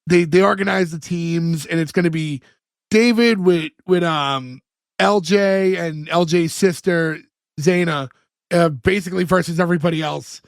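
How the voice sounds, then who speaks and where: A man's voice: a little high, normal speed, dry recording, studio quality. A man casually recapping a sitcom episode on a podcast, a loose storyteller full of filler words. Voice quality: talkative, loose storyteller who acts out quotes. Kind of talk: casual chat, plot recap.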